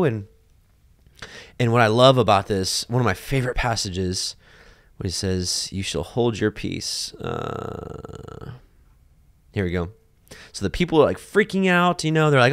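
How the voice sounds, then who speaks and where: A man giving casual bible teaching, animated, acting out people's voices with lots of fillers. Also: medium pitch, unhurried, no room sound, studio quality.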